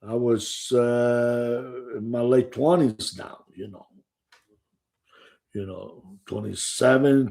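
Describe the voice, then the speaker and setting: Slow gravelly older man telling stories. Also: medium pitch, warm tone. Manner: rambling, profane, full of "you know". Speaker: former gambler recounting his past. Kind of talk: casual storytelling.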